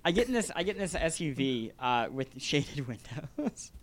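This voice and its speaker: A man's voice: on the high side, normal speed, crowd noise. A man on a podcast, telling a story in a casual chat and acting out voices as he goes. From lives in Manhattan. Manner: animated storyteller, acts out voices in quotes. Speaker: podcast co-host.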